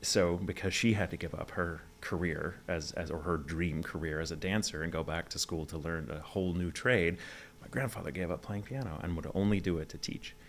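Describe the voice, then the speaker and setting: Low gravelly man with mid-Atlantic accent. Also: a little fast. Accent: neutral mid-Atlantic. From Texas, USA. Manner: articulate, reflective storytelling. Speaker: interview guest, voice actor. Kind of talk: casual interview chat.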